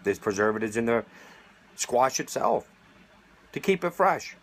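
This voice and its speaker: Speaking directly to the camera, a middle-aged American man makes a sarcastic, indignant plea in defense of vaping. His mid-range voice is expressive and husky, slightly bright, and he talks a little slowly.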